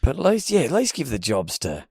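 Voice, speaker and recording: A man's voice: mid-range voice, huge pitch swings, a little fast, creaky, darkish tone, breathy edge, no echo. Australian man riffing crude jokes. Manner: crude joking riffs, swears freely. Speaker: podcast co-host. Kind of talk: casual banter.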